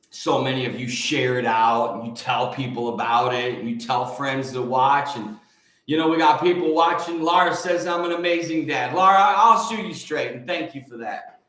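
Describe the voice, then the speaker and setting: A man's voice: mid-range voice, fairly bright tone. Emphatic man in an echoey room. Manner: emphatic, preachy, reads out viewer comments. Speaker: host of a morning livestream. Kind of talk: casual live-stream chat with viewers.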